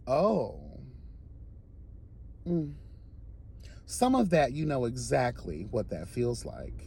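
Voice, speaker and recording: A man giving an impassioned, sassy commentary rant, swinging between soft asides and loud emphatic outbursts. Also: mid-range voice, huge pitch swings, slow pace, creaky, long pauses, husky, dry recording.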